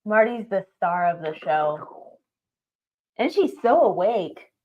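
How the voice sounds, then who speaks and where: A woman's voice: medium pitch, very animated, takes it slowly, narrow, tinny audio. A woman co-hosting a casual livestream, easygoing as she talks to viewers about family and the pet. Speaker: livestream co-host.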